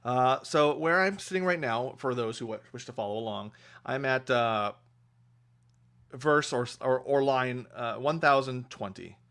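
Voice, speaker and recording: A young adult man talking casually on a livestream about the book he is reading, pausing often with fillers and restarts. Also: medium pitch, fairly bright tone, smooth. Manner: hesitant, many fillers and restarts. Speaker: streamer reading a book aloud.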